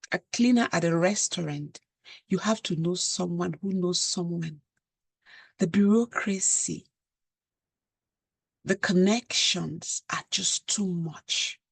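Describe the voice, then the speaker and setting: African-accented woman host, low husky gravelly voice, dry close sound, earnest direct-address commentary. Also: dry recording. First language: an African language. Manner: earnest, addresses the viewer as "you".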